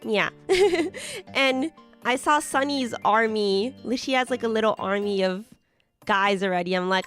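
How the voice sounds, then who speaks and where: Giggly woman streamer, lively pitch. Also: a little slow, soft background music. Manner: chatty, giggly, many "like" fillers. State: slightly hoarse from being sick. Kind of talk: casual chat with viewers while building models.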